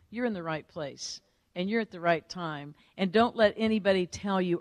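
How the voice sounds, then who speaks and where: A woman's voice: mid-range voice, moderate pace, no echo, in a large hall. A woman giving a motivational speech to an audience, telling her story energetically and tagging lines with "right?". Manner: energetic, animated storytelling with frequent "right?" tags. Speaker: motivational speaker.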